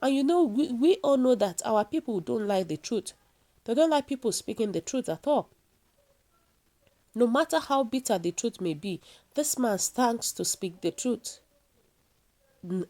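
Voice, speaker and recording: A woman's voice: fairly high pitch, expressive, a little slow, mellow. A woman with a Nigerian accent reading a news story and then giving her opinion to viewers, earnest and full of rhetorical questions. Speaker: news commentator.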